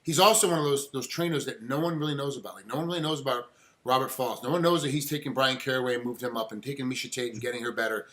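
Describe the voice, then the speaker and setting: A man interviewing a fighter in a casual sports chat, animated and acting out quotes as he talks. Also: mid-range voice, rapid-fire.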